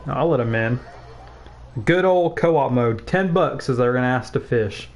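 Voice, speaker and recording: A man's voice: mid-range voice, normal speed, faint music behind. A young man of about nineteen, a game streamer, chatting casually and telling a school story while he plays, rambling with swearing and laughing asides. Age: young adult, about 19.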